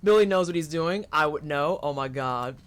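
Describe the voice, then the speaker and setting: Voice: medium pitch, moderate pace, clear, resonant tone. A streamer joking and swearing through commentary while playing a horror game. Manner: joking, profane, animated. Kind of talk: live gameplay commentary.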